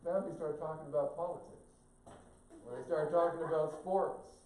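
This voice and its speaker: An older man preaching a sermon as a guest speaker, telling stories with humor and shifting into a higher voice when he quotes people. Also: fairly even intonation, moderate pace, a little mellow. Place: church sanctuary. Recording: echoey sanctuary from a distance.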